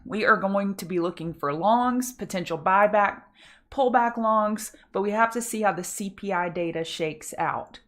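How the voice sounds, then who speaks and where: A woman's voice: mid-range voice, normal speed. A woman hosting a live market prep stream, upbeat and chatty, greeting viewers by name. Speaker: trading show host.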